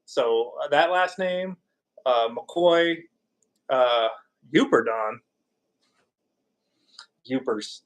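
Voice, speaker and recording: A man's voice: medium pitch, drawn-out words, pauses often. Rambling, joking live-stream host, a man. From California. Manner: rambling and jokey, reacting to chat. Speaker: podcast host. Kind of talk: casual live-stream chat.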